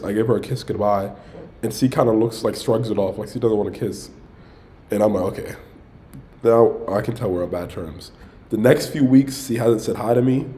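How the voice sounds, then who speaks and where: On a casual livestream, a young adult man in a fairly low, mellow voice rambles through a dating story, cutting himself off and saying "bro" constantly.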